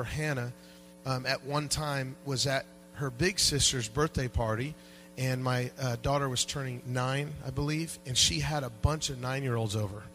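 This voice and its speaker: A man preaching a sermon as pastor in a church, animated and joking with the congregation, dropping to quiet asides and rising to loud peaks. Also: mid-range voice, slight background noise, rough recording. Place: church sanctuary.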